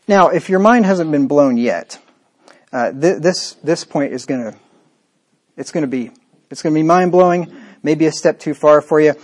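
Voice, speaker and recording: A man's voice: a little high, moderate pace. A man preaching a sermon in a scornful, combative way, with frequent rhetorical asides to the listener.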